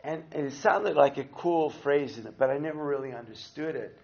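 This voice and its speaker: A man's voice: on the high side, moderate pace, vocal fry, highs cut off. A man teaching a church class, telling a story animatedly and acting out the people in it. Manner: animated storyteller who acts out quotes. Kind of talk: storytelling sermon talk.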